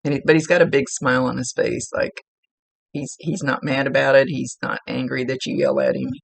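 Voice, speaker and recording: A woman's voice: a bass voice, lively intonation, a little fast, vocal fry, no echo. A woman working as a psychic medium, chattily relaying spirit messages in a casual reading and laughing now and then.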